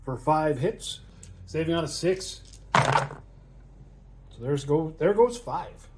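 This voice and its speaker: Man, slightly high voice, casual wargame battle report, counting dice aloud, chatty, laughs a lot. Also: animated, takes it slowly, very noisy. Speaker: tabletop wargame player and channel host.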